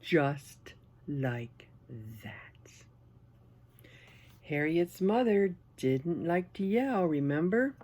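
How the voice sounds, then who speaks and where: A children's storyteller reading a picture book aloud, animated, asking the listeners questions and dropping into whispers. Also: medium pitch, very slow.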